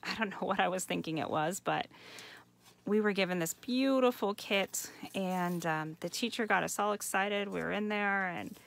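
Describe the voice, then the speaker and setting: A woman hosts a live craft demonstration and chats eagerly to her viewers as she works. Her voice sits at a middle pitch and turns gravelly at the ends of phrases. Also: moderate pace, fairly bright tone. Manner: chatty, enthusiastic, addresses viewers as you guys. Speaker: craft host. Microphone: home setup for a live stream.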